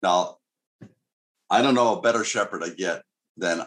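A man's voice: deep voice, normal speed, fairly bright tone. A middle-aged male pastor preaching a sermon in an earnest, conversational way with casual asides.

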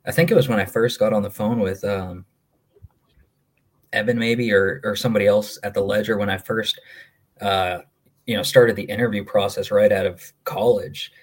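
A man's voice: fairly low pitch, steady tone, moderate pace. A young man from Maine, co-hosting a podcast and telling stories in a rambling, easygoing way with lots of fillers. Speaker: podcast co-host. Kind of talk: casual chat.

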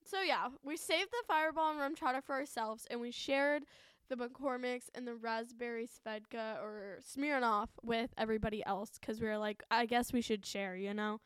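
A woman's voice: on the high side, normal speed, fairly bright tone, clear, resonant tone, no echo, clean studio sound. A woman in her twenties hosting a podcast, telling a story in a chatty, profane way and laughing often. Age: 20s. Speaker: podcast host. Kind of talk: casual storytelling.

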